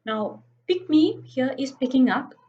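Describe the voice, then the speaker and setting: A woman's voice: high voice, expressive, unhurried, dull audio, slight background noise. A woman with a Sri Lankan English accent telling stories in a casual vlog, chatty and playful. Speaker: vlogger.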